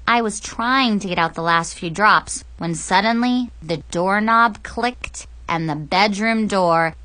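A young adult woman narrates a comic first-person story as an audiobook, her mid-range voice moving slowly. Her delivery is animated and playful.

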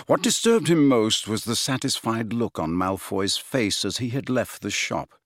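A man reading a novel aloud as narrator, with expressive delivery. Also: lowish voice, dry recording, clean studio sound. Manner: expressive reading, many character voices. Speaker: audiobook narrator. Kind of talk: scripted narration.

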